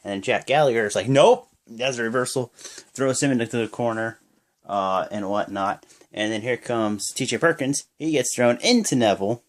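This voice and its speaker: A young man giving a casual, rambling play-by-play recap of a wrestling show, jumping into high yells when he acts out the wrestlers' lines. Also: normal speed. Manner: rambling with many fillers.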